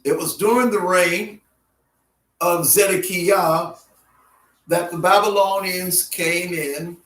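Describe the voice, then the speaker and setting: A man teaching a Bible history lesson in an unhurried way, often repeating names in their alternate pronunciations. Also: high voice, fairly even intonation, a bit bright. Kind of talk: classroom Bible history lecture. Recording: roomy sound from a distant mic.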